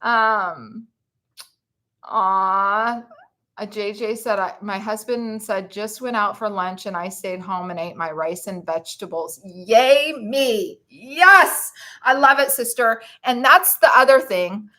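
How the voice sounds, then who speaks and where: A woman hosting a casual live stream, reading comments from the chat and talking in a warm, gushing, emotional way, at times choked up. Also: medium pitch, slow pace. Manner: reads viewer comments aloud to the chat.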